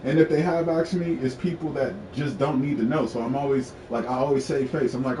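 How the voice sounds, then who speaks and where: A man's voice: mid-range voice, fairly quick, hardly any pauses, a little mellow, slight background noise. A man telling his story in a frank, profane casual rant, repeating himself for emphasis. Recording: echoey room, mic at a distance, faint ambience.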